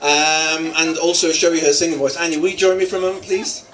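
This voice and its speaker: A man's voice: a little high, fairly even intonation, fast talker. A middle-aged man giving a joking father-of-the-bride wedding speech, teasing the guests. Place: wedding reception hall. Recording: distant, with crowd noise. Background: guests laughing and chattering.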